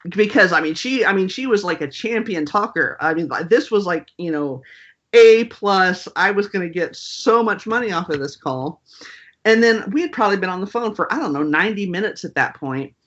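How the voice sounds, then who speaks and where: A woman guest on an interview, talking casually and wryly with lots of "um" and "you know". Her voice is bright and sharp. The recording sounds dull and lo-fi. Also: mid-range voice, normal speed. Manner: animated, wry, lots of fillers. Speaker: author guest.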